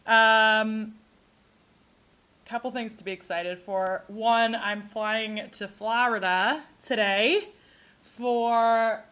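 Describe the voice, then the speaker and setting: A woman from New York hosting a podcast, telling comic stories in a rambling, animated way and laughing often. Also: on the high side, takes it slowly. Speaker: podcast host. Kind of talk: comedic solo monologue.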